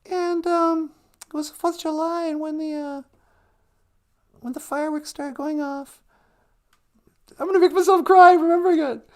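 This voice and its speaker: This woman co-hosts a relaxed live stream, reading out viewer comments and laughing frequently as she talks. Her voice sits high and steady at a normal pace, with long pauses.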